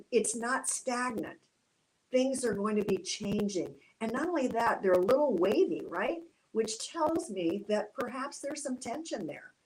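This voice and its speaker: A woman teaching art in a casual, reflective way, gently encouraging, with many fillers and restarts. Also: on the high side, a little hiss or hum, rough recording. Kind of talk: casual instructional talk.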